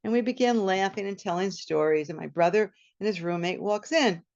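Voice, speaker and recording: A woman telling a personal story at a storytelling event, animated and acting out the scene, over a video call. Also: mid-range voice, a little fast. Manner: animated, laughing, acts out the scene. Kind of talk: personal story told live. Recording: muffled video-call audio.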